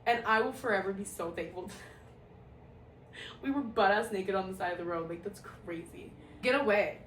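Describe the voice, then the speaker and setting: A woman's voice: medium pitch, moderate pace. Young woman telling a profane story. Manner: profane, animated, laughing often. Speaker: storyteller vlogger. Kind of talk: casual storytime monologue. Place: at home, indoor room. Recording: echoey room, distant mic, faint hiss.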